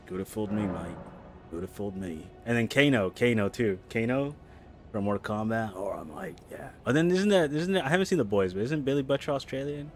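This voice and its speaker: A man streaming a game live, chatting casually and rambling between loud, excited reactions to the play. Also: medium pitch, a little fast, faint music behind. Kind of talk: casual live gameplay chat.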